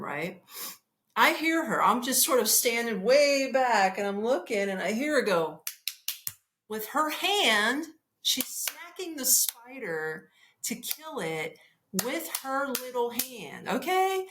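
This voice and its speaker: A woman hosting a podcast, telling a comic travel story in an animated, profane way and laughing as she goes. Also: fairly high pitch, slight background noise. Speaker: podcast host.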